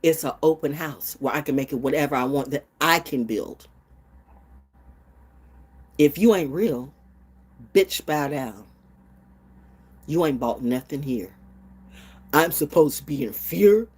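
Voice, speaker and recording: A woman in her sixties ranting bluntly and profanely in an unscripted vlog, jumping from low mutters to high outbursts and loud laughs. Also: measured pace, long pauses, breathy edge. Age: 60s. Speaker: vlogger. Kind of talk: unscripted rant to camera.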